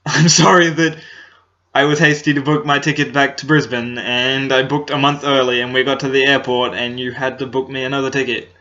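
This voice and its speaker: A young man talks straight to his laptop camera in a hesitant, halting way, full of ums and restarts. His voice is bright and tense. The laptop's built-in microphone makes the sound dull and lo-fi. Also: mid-range voice, level tone. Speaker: comedy vlogger. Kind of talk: casual talk to camera. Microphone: laptop built-in mic.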